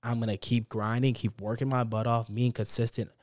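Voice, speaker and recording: Young man, solo podcast host, unscripted motivational talk, warm tone, close dry mic. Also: medium pitch, little pitch movement, fairly quick, no room sound. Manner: upbeat, repetitive motivational self-talk; talks from the heart without a script. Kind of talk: casual solo podcast monologue.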